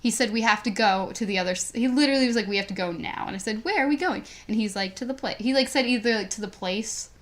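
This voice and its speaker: A woman's voice: medium pitch, quick pace, few pauses, fairly bright tone. A young woman co-hosting a podcast, casually telling a story and filling it with "like". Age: teens. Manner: rambling, says "like" constantly. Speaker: podcast co-host.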